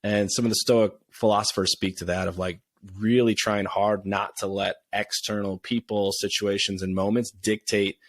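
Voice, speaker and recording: A man's voice: on the low side, little pitch movement, normal speed, hardly any pauses, no echo. A man hosting a podcast, speaking in a reflective, thoughtful way and readily agreeing with his guest. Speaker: podcast host. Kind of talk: casual podcast conversation.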